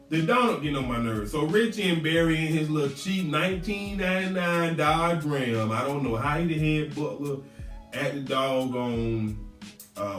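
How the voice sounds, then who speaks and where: A man's voice: medium pitch, far from the mic. A man casually recapping a TV episode, exclaiming at the characters and laughing as he talks. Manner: animated, exclaims at the characters, laughs while talking. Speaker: TV show reviewer. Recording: echoey room, off-mic, faint music.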